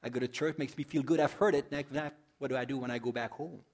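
A man preaching a sermon in a mid-range voice, chatty and personal, with plenty of rhetorical questions and light humor. When he reads scripture, he slows down and lets his volume rise and fall for drama. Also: medium pitch, steady tone. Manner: dramatic scripture reading that swells loud and drops soft. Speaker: pastor.

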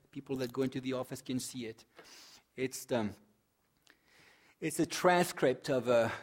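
Man, pastor, sermon, mid-pitched voice, conversational, rhetorical questions, dramatic scripture reading. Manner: dramatic scripture reading that swells loud and drops soft.

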